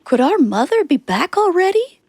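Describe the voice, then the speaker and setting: A woman doing squeaky little goat kids. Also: normal speed, breathy edge, dry recording, full character voice. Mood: excited. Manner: high excited chatter.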